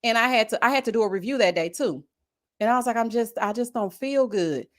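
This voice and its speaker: A chatty woman reads viewer comments aloud and talks back to them in a loose, expressive way. Her voice sits fairly high and swoops around a lot as she reacts. She is casual, warm-slangy and very animated. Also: quick pace. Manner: chatty and expressive, Southern-style slang, calls viewers girl and honey. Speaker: YouTube reality-show reviewer reading viewer comments. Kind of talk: casual chat with live chat viewers.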